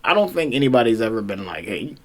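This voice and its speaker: A podcast co-host chatting playfully, reacting with sudden jumps in pitch. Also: very animated, fast. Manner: playful, jumps between high and low pitch. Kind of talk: casual chat.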